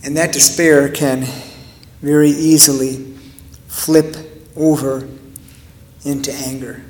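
A man preaching a sermon in an earnest way, with rhetorical questions and dramatic pauses. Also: on the high side, level tone, a little mellow, big-room sound. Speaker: pastor.

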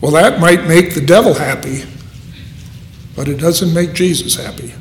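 A man preaching a sermon in an earnest, unhurried way, with dramatic pauses. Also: fairly high pitch, a little hiss or hum. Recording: echoey hall.

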